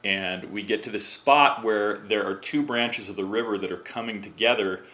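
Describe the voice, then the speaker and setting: A man who is a podcast guest, telling a story in a casual, animated way and acting out what others said. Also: lowish voice, moderate pace. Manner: animated, acts out quotes in other voices.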